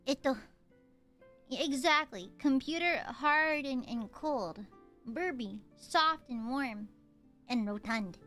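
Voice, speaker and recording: A young woman streaming casually, playful and jokey, with a slightly hoarse, sore throat. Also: high voice, expressive, unhurried, fairly bright tone, soft background music. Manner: playful, bubbly, jokey, repeats greetings. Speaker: VTuber streamer. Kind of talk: casual livestream chat.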